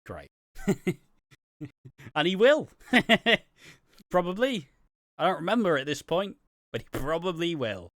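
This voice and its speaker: A man's voice: sits high, lively intonation, takes it slowly, pauses often, a bit bright, dry recording, studio quality. A man co-hosting a wrestling review podcast, chatting casually with sarcastic, sweary asides and frequent laughs. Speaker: podcast co-host.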